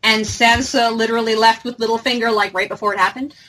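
A woman's voice: fairly high pitch, fairly even intonation, quick pace, pushed and bright, poor audio. A woman hosting a casual fan podcast, talking animatedly with many fillers and restarts. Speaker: podcast host.

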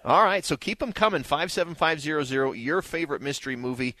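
A man's voice: on the high side, animated, quick pace, pushed and bright, dry recording. A man hosting a radio movie show in casual chat, reading listener texts aloud in an upbeat way.

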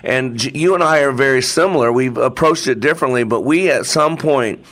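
A man's voice: medium pitch, brisk, fairly bright tone. A man hosting a podcast, speaking earnestly and reflectively in casual conversation. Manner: earnest and reflective, with fillers and restarts. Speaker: podcast host.

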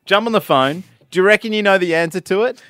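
Male radio host, chatty and jokey, pitched a bit high, dry mic. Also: quick pace, a bit bright, no echo. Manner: jokey, plugs the phone line. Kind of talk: live radio banter. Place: radio studio.

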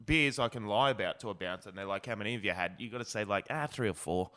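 A man's voice: on the low side, fast, a bit bright. A young Australian man telling rambling comic anecdotes on a podcast and acting out other people's lines. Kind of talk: casual comedic storytelling.

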